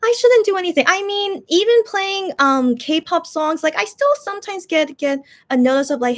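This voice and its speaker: A woman's voice: high voice, expressive, normal speed. A woman host chatting casually to her viewers, rambling with many fillers and restarts, frustrated and complaining. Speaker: YouTube channel host.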